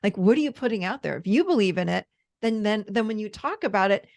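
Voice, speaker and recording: A woman's voice: mid-range voice, animated, fast, creaky, a little mellow. A woman therapist and coach speaking as an interview guest, earnest and enthusiastic. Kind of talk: casual interview chat.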